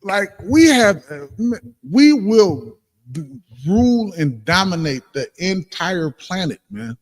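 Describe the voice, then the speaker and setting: A man with a Detroit accent telling stories and preaching in a casual, animated way during a livestreamed class, acting out what people said. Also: sits high, takes it slowly, in a large hall. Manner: animated, acts out quoted exchanges, laughs often. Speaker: speaker in a livestreamed religious class.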